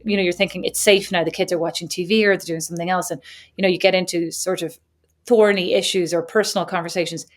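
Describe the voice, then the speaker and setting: A woman's voice: on the low side, fairly even intonation, quick pace. A woman in her forties co-hosting a podcast in casual chat, talkative and laughing often. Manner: chatty, laughs often, acts out kids' voices. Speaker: podcast co-host.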